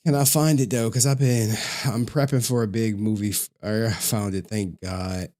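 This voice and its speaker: A man's voice: lowish voice, steady tone, moderate pace, dark tone. A man chatting casually as a streamer, laid-back and talkative while reacting to a video.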